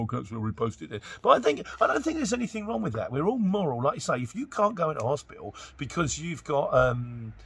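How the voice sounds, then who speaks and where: Chatty jokey man from Luton, lively voice. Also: a little high, vocal fry, slightly rough. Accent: Luton English. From Luton, England. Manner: chatty and jokey, rambling asides, mock-quoting others. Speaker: trucker vlogger answering viewer questions. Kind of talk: casual chatty Q&A monologue.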